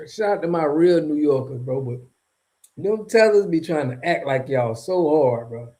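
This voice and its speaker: A man from Florida rants casually to camera in a slangy, rambling way, breaking into chuckles between his points. His voice sits a bit high for a man but sounds soft and warm rather than bright. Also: animated, normal speed. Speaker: vlogger. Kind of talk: casual off-the-cuff commentary.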